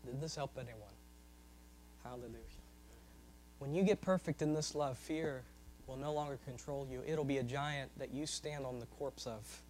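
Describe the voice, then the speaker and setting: A man preaching a sermon, swinging from loud, high-pitched emphasis to soft, low asides. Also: normal speed, slight background noise, rough recording.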